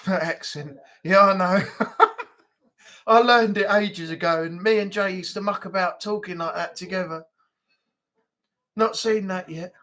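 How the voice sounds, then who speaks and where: A woman's voice: mid-range voice, measured pace, long pauses, fairly bright tone. A woman from Manchester with a Mancunian accent, hosting a live stream in a chatty, joking way. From Manchester, England. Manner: chatty, joking, swears casually.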